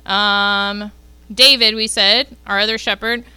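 Woman, youth group leader, very bright voice, smooth and clear, casual Bible lesson, chatty check-ins. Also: medium pitch, fairly even intonation, slow pace, dry recording.

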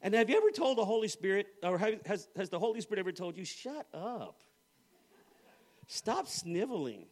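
A man's voice: high-pitched, racing, few pauses. A middle-aged man preaching a sermon, telling a humorous personal story and acting out the voices of others. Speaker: pastor.

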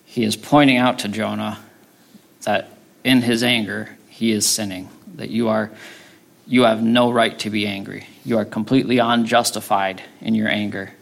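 Speaking at normal speed in a low-ish, gravelly, flat voice, a pastor delivers a sermon as conversational teaching. He keeps checking in with his listeners, using tag questions again and again.

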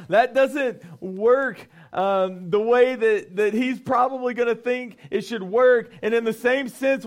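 Young man, high voice, youth pastor, casual lively sermon style. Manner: conversational, animated preaching with rhetorical questions.

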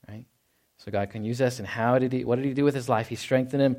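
The sermon comes from a middle-aged pastor from Texas who talks conversationally at a moderate pace. He keeps asking "right?" and drops into a low, hushed voice to act out quotations.

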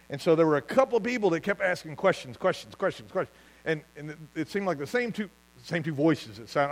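A man preaching a sermon as pastor, telling stories with lively asides and laughing at his own jokes. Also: fairly high pitch, low-quality recording.

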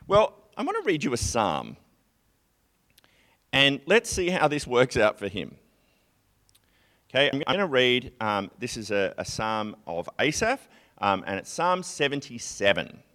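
A man giving a conversational sermon, chatty and animated, sometimes acting out a distressed psalmist's prayers. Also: medium pitch, measured pace, long pauses. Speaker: preacher.

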